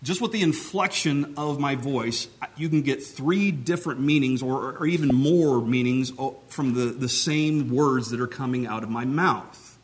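A man's voice: mid-range voice, unhurried. Male preacher, mid-range voice, plain conversational teaching tone, talks with his hands. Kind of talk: teaching sermon.

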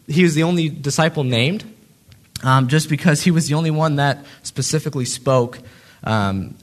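Animated man teaching a Bible passage. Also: a little high. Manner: conversational, many fillers and restarts, acts out quotes.

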